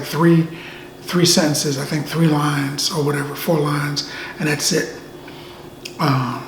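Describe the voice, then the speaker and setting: Easygoing guy chatting about a movie, kinda high voice, echoey room with a little hiss. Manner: laid-back, says "man" often, animated asides. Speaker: movie reviewer. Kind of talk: casual video review. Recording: echoey room, faint ambient noise.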